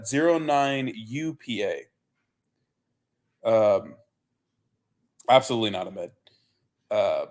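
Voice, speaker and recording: A young male streamer with a medium-pitched voice chats casually with viewers and reads their comments on a livestream. He's relaxed and loose, cussing and rambling with plenty of fillers and "bro."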